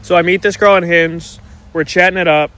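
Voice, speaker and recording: A man's voice: high-pitched, brisk, low-quality recording. Indignant man telling a dating story. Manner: animated, indignant retelling. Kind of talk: casual storytelling to camera. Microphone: phone camera. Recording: faint background noise.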